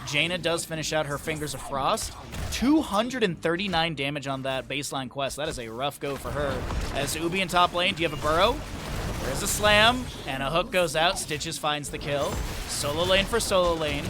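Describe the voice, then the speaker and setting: A man's voice: fairly high pitch, noisy background. A man giving solo play-by-play commentary on an esports match from home, rattling off game events and lifting his voice at big plays. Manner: fast rundown of game events, bursts of excitement at big plays. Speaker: esports caster. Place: home, with a dog in the room.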